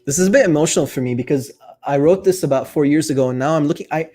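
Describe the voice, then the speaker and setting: A man's voice: on the high side, rapid-fire, dark tone, soft background music. A man coaching viewers in a casual, earnest monologue, thinking aloud with fillers and speaking openly about his feelings. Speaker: life coach. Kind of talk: casual reflective monologue to camera.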